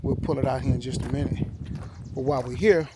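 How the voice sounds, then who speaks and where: A man's voice: mid-range voice, steady tone, quick pace, heavy background noise. A man talking in a laid-back, rambling way for his car vlog, outdoors with dogs barking behind him. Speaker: car vlogger. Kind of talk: casual vlog talk.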